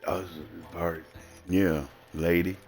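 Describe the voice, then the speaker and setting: A man's voice: low voice, flat delivery, takes it slowly, darkish tone, faint music behind. A man with a Southern American accent, livestreaming a blunt, rambling and profane casual monologue. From Southern United States.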